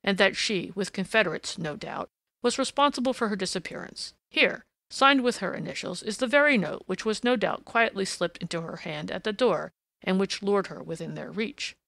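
A woman voicing a stubborn, blustering police inspector from a storybook who argues with bitter insistence. The voice has a gravelly grain and a dry, close sound. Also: medium pitch, normal speed, fairly bright tone, no room sound. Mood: triumphant. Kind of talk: audiobook character reading.

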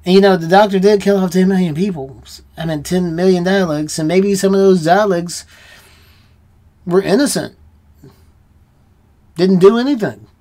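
An American man with a fairly high voice talks through a TV episode on his reaction channel. He muses aloud, rambles and keeps questioning his own views in casual solo chat. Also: normal speed, long pauses, dark tone. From United States. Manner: musing, rambling, self-questioning.

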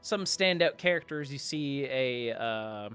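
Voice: mid-range voice, animated, a little slow, fairly bright tone, smooth, faint music behind. A game master narrating a tabletop game in a rambling way, with many fillers and restarts.

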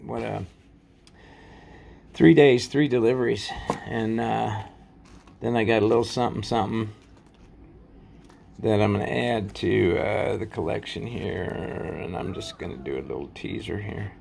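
A man casually rambling through a show-and-tell vlog about his collection, halting often with fillers and folksy sign-offs. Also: on the low side, vocal fry, darkish tone, a little hiss or hum. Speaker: coin collecting vlogger.

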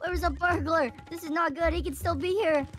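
A woman's voice: very high voice, fairly even intonation, brisk. A woman giving let's play commentary as a baby sibling, chatty and calling her partner brother. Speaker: gaming co-player.

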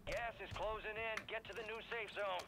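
A woman's voice: mid-range voice, fairly even intonation, normal speed, bright, forceful tone, a little hiss or hum, lightly acted. A woman voicing a terse military game announcer. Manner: terse radio callouts.

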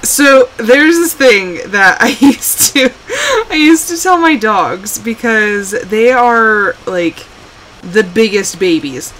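A woman's voice: a little high, lively intonation, takes it slowly, fairly bright tone, a little hiss or hum, poor audio. Chatty woman streamer playing a survival game, voice swoops up and down a lot, fussing at her character. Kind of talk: casual live gameplay commentary.

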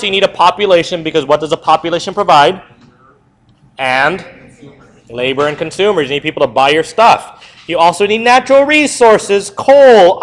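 Lively male teacher quizzing a class. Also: sits high, low-quality recording. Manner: lively, asks the class questions and answers them himself. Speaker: history teacher. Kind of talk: classroom review lecture.

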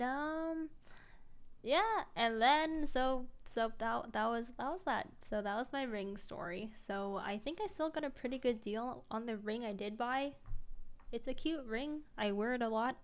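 A young woman streamer telling a story casually, acting out the quotes in a higher voice and laughing often.

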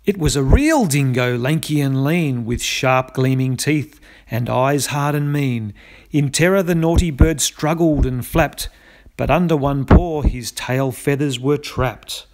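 A man's voice: medium pitch, measured pace, darkish tone. A man narrating a rhyming children's storybook in a lilting, rhythmic way. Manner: lilting, rhythmic rhyme reading.

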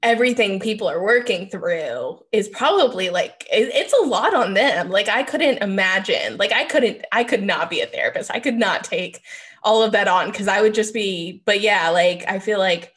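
A woman hosting a podcast, speaking in a relaxed, supportive way with many fillers. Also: mid-range voice, moderate pace. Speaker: podcast host. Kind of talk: casual podcast conversation.

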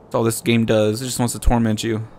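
A man's voice: medium pitch, flat delivery, quick pace, a little mellow, slight background noise. A man hosting a let's play, commenting on the game in a playful, jokey way and talking back to the characters. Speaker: gaming channel host.

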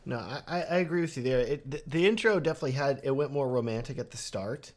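A man's voice: mid-range voice, fast talker. A man hosting a live stream of film reviews, joking around and talking straight to the chat. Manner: playful, jokey, addresses chat directly.

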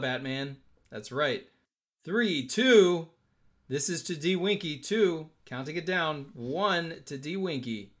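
A man hosting a live-stream auction, joking with bidders and counting down bids. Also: mid-range voice. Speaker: auction host.

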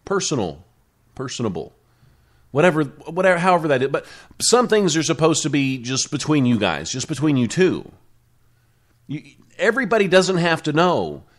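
A man's voice: on the high side, very animated, moderate pace. A man hosting a casual solo talk show, rambling and correcting himself as he goes. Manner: rambling, self-correcting, with frequent restarts. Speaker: radio talk show host.

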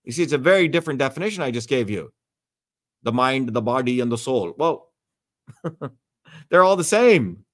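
A man's voice: mid-range voice, big pitch swings, moderate pace, pauses often. A man hosting a livestream Q&A, talking bluntly and emphatically, lecturing and swearing freely. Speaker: host. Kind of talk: livestream Q&A talk.

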